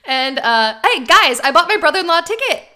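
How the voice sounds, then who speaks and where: Woman podcast cohost, bright sharp voice, teasing and laughing a lot. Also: very high voice, sing-song, a little fast. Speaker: podcast co-host. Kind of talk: casual chat.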